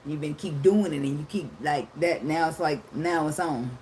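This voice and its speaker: Woman, tarot reader, casual monologue; low voice, blunt and profane, laughs a lot, faint noise behind. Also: moderate pace, a little mellow.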